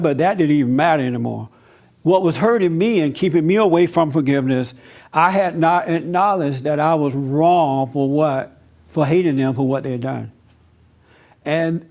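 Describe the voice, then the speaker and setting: Male pastor, slightly high voice, conversational preaching style, talks to the congregation. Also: a little mellow. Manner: personal testimony, conversational teaching; casual speech with fillers. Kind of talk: church talk with audience.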